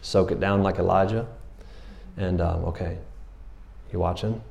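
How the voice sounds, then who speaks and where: A middle-aged man preaching a sermon, telling a story in a casual, animated way with slang and laughs. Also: low-pitched, moderate pace, vocal fry, dull audio. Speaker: pastor.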